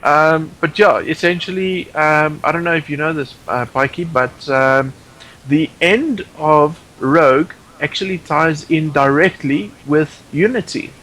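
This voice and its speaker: Man, podcast guest, casual chat, opinionated, rambling, frequent restarts, fairly high voice. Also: a little slow, a bit bright, rough recording.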